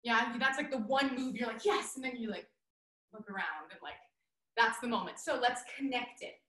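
A young woman teaching an online dance class over a video call, playful and energetic, counting out the beats. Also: fairly high pitch, moderate pace. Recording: roomy echo.

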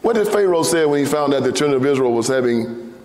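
A man with a Southern US accent from Tennessee giving an impassioned sermon-style speech in a church, preaching in a repetitive cadence that rises to shouts. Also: medium pitch, expressive, fast talker. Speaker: guest speaker. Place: church sanctuary. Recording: echoey church hall.

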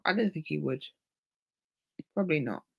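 A man co-hosting a live match reaction, talking casually in quick, halting bursts with restarts. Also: on the high side, expressive, vocal fry, lo-fi sound, slight background noise. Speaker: co-host on a live stream.

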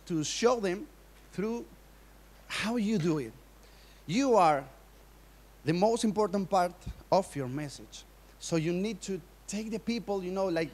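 A man who is a non-native English speaker with Spanish as his first language, giving a conference workshop talk on public speaking, a bit nervous, with frequent laughs and non-native phrasing. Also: sits high. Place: conference hall in Madrid.

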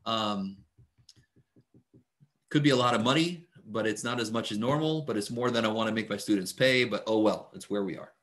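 Speaking at a normal speed in a fairly low pitch, this man runs an online math class, calling roll and chatting loosely with plenty of fillers. The sound comes through a computer mic on the video call.

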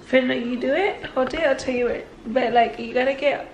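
A high-voiced young woman in her twenties chats on a casual vlog from inside a car, loose and talkative, swearing now and then. The phone recording carries a faint hum of background noise. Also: fairly quick, reverberant, dull audio. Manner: chatty, swears casually, laughs often. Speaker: vlogger. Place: parked car at night.

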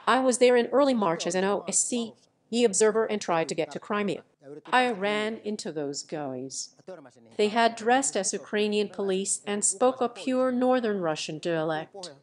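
A woman with a mid-range voice reads a translated lecture transcript aloud. Her delivery is even and measured, and she announces each question and answer in turn. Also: mid-range voice.

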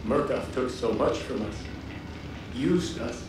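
A man's voice: medium pitch, slow pace, noisy background. An actor playing a bitter, vengeful male asylum patient in a horror game, with a gritty, menacing delivery. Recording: game audio, distant with heavy echo.

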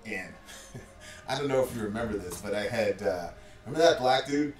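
A man's voice: fairly low pitch, animated, normal speed, recorded from a distance. Male guest, casual storyteller who leans on "like" and "bro"; roomy off-mic sound with faint music. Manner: loose, filler-heavy, says "like" and "bro" constantly. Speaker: former call center supervisor.

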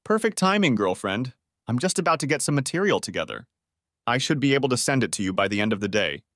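A man's voice: mid-range voice, big pitch swings, fast talker, fairly bright tone, no echo, clean studio sound. A man narrating an audiobook, voicing an upbeat, scheming young woman in a raised, coaxing voice. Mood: excited.

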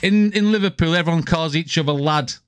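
Giggly reaction host. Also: male voice, fairly high pitch, fairly quick, clean tone. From north-west England. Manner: laughs a lot, explains slang to viewers. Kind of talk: casual reaction commentary.

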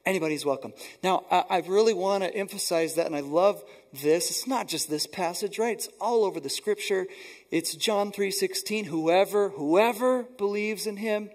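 A man's voice: high-pitched, normal speed, slightly rough. A man preaching a sermon as pastor, earnest and emphatic, often repeating words for stress. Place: church sanctuary.

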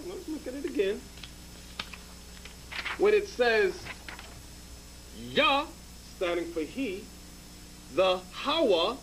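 A man's voice: high voice, a bit bright, a little hiss or hum, poor audio. A man teaching as a bishop, hammering his points home and checking in with "okay?" after each one. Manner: emphatic, repeats points with "okay?". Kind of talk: scripture lesson to a group.

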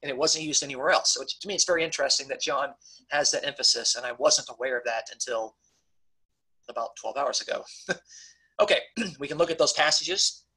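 A man teaches a Bible study in a conversational way, often checking in with his class by asking "okay?" He's emphatic on key points and restarts frequently. His medium-pitched voice is husky, pushed, and bright, he speaks fairly quickly, and the audio is poor.

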